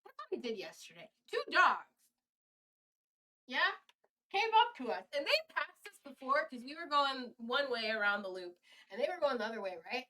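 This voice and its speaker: A woman's voice: high-pitched, sing-song, normal speed, pushed and bright, recorded from a distance. A woman live-streaming in casual chat, rambling and swearing freely, cooing baby talk at her cat now and then. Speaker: livestreamer. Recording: voice from away from the mic.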